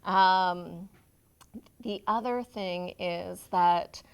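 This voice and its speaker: Brief: a woman panel host, conversational, slightly low pitch, lecture room. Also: drawn-out words, gravelly, clear, resonant tone. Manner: friendly and conversational, many fillers. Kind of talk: introducing a live panel.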